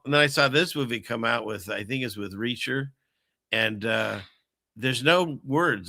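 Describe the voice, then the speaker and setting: A man's voice: mid-range voice, sharp tone, dry recording, clean studio sound. A man hosting his own show, rambling through casual commentary with many fillers and restarts. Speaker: show host.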